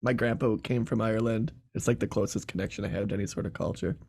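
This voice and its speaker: A man's voice: lowish voice, fairly even intonation, fast, gravelly, darkish tone. A man from Michigan with a Michigan accent, a podcast guest who rambles with lots of fillers and laughs often. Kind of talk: casual chat.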